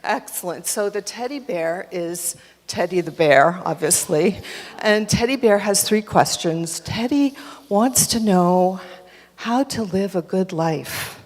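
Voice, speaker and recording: A woman tells a children's story during a church service, animated and chatty as she directs children holding up props. Her voice sits at a middle pitch and rings in a large hall with a long echo. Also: slow pace. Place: church sanctuary.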